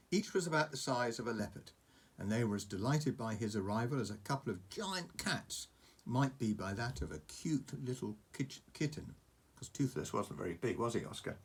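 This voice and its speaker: An older man, a grandfather, reading a storybook aloud to a grandchild with gentle chatty asides. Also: lowish voice, slightly rough. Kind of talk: storybook reading over a message.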